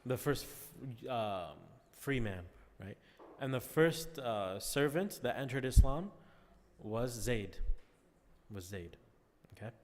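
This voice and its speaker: A man's voice: medium pitch, lively intonation, unhurried, hardly any pauses. A man teaching a class in a conversational lecture, often checking in with his listeners. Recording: long reverb.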